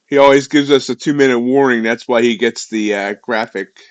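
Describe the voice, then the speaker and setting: A man's voice: medium pitch, moderate pace, muffled recording. A man from eastern Pennsylvania hosting a live stream, bantering casually with viewers in a loose, rambling way.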